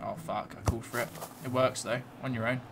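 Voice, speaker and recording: A man's voice: medium pitch, steady tone, quick pace, creaky. A young man bantering and swearing with friends while gaming, mocking them and laughing often. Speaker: gaming channel host. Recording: loud game music behind.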